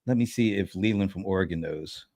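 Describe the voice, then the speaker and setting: A man hosting a small-business live stream, playful and theatrical, swinging between loud bursts and hushed asides. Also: deep voice, fairly quick, no echo, clean studio sound. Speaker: show host. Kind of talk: lively live-stream banter.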